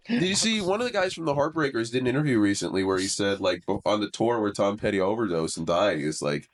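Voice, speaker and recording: A man's voice: lowish voice, a little fast. A man, a comedian guest on a podcast, chatting casually with a stuffy nose from allergies, rambling and laughing often. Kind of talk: casual chat.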